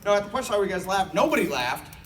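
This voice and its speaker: A man doing a stand-up comedy set in a big hall, high-pitched and lively, loud and profane with sudden screaming. He is picked up from a distance, and a roaring crowd sits under him. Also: racing, noisy background. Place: large university hall with a live audience.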